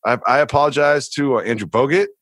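A man co-hosting a podcast in casual chat, animated, sarcastic and rambling. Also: medium pitch, fast, no echo. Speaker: podcast co-host.

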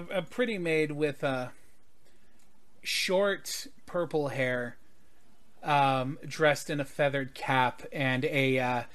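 A man runs a tabletop role-playing game, narrating scenes and describing characters. His voice sits a little high for a man, and his delivery rambles with frequent ums and restarts. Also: fairly bright tone. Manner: rambling, hesitant, with many fillers. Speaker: game master.

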